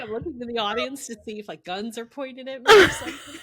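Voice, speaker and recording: A middle-aged woman, a podcast guest, telling a story in a lively, casual way and laughing as she goes. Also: a little high, fast, hardly any pauses.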